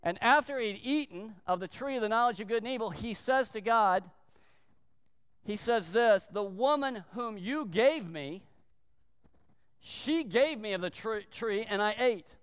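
A man preaching a sermon with a high, clear, smooth voice. He speaks emphatically, stretching key words and slipping into quick acted-out quotes. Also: animated, fairly bright tone, long reverb tail. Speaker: pastor.

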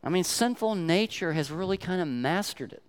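An older man preaching a sermon, telling stories emphatically with sharp swings in loudness. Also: high-pitched, lively intonation, moderate pace, clean tone. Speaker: pastor.

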